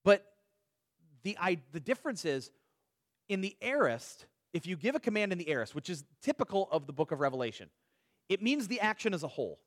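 A man's high-pitched voice swings widely in pitch as he teaches a conversational Bible study full of rhetorical questions and everyday examples. He restarts and repeats words often and quickly, and the studio sound is clean with no room sound.

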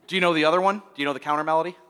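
Preacher, male, high-pitched, animated storyteller who restarts words; reverberant church hall. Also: very fast. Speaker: pastor. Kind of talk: sermon. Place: church sanctuary.

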